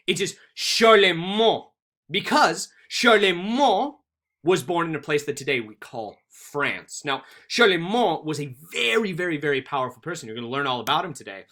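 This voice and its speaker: A male teacher giving a recorded history lesson, telling stories animatedly and acting out quotes. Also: on the high side. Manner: animated storytelling with acted-out quotes.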